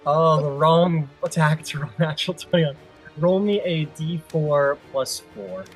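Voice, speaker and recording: A man's voice: a little high, a little slow, faint music behind. A man running a tabletop game as game master, narrating in a chatty, playful way.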